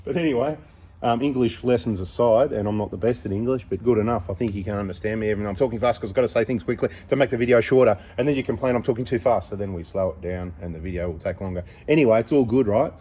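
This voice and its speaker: A man's voice: lowish voice, quick pace, warm tone. A middle-aged man running a parts business, talking casually to camera in a blunt, rambling way. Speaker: mechanic and parts seller. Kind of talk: casual vlog talk to camera.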